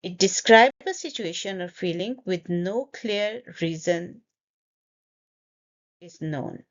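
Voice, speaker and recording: A woman teaching English pronunciation, breaking a word into syllables and repeating it slowly for learners. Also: lowish voice, expressive, muffled recording. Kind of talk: slow, deliberate pronunciation lesson.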